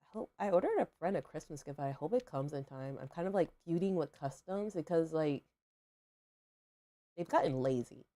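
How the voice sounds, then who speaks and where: While gaming on a livestream, a young woman with a deep, mellow voice chats at a moderate pace with lively intonation. She rambles casually, filling her talk with fillers and questions to herself.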